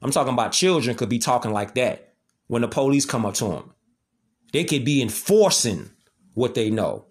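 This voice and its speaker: A man's voice: medium pitch, sing-song, moderate pace. A man delivering an impassioned monologue, heavy with street slang and repetition, lecturing listeners. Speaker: commentator.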